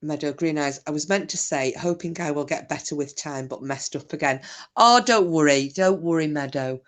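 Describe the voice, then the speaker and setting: A woman's voice: deep voice, moderate pace. A middle-aged woman, hosting a casual livestream, reading chat messages aloud and trading cheeky, bawdy banter. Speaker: live stream host reading chat.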